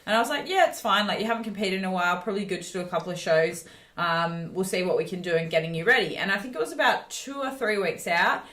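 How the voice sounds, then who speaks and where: A woman co-hosting a podcast as a fitness coach, chatting casually, blunt and swearing freely, telling stories with animated quoting. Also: fairly low pitch, quick pace, roomy sound. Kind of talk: casual chat.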